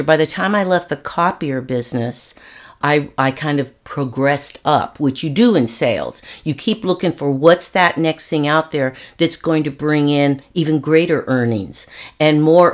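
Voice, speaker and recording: Low-voiced woman telling her story. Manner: earnest, reflective, frequent restarts. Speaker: interview guest. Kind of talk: candid personal storytelling.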